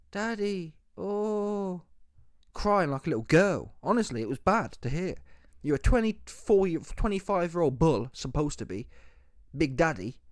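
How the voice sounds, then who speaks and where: A man's voice: mid-range voice, dry recording, studio quality. Slangy man ranting with rhetorical questions. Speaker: boxing commentary YouTuber. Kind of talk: opinionated monologue.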